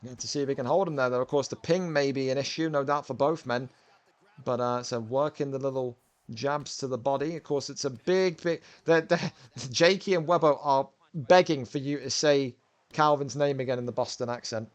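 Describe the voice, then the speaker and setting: A man's voice: mid-range voice, fairly even intonation, normal speed. A man hosting and commentating a video game fighting event, chatty and bantering as he rambles through the action. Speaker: commentator and host.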